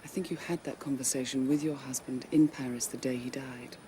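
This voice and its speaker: A woman's voice: extremely low pitch, steady tone, a little fast, warm tone, slight background noise. An actress playing a woman academic sleuth in a television crime drama, speaking tersely and pointedly. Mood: probing.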